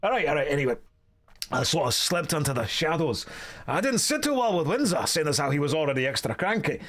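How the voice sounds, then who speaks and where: A man's voice: on the high side, sing-song, fast, a bit bright. A man voicing a boastful, rambling male dwarf storyteller in a put-on Scottish accent, reading game dialogue aloud. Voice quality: rolling brogue, folksy, rambling.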